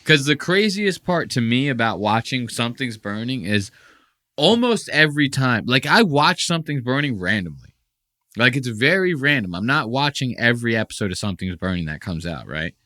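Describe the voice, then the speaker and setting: A man's voice: medium pitch, moderate pace, no echo, clean studio sound. A man hosting a podcast in casual reaction chat, swearing freely and acting out quotes with mocking impressions. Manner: animated, swears a lot, does mocking impressions. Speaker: podcast host.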